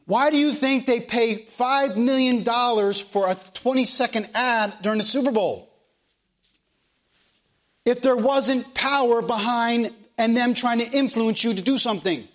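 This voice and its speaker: A man's voice: very high voice, measured pace. A man preaching a sermon as pastor of a church, in plain country speech, asking the room question after question.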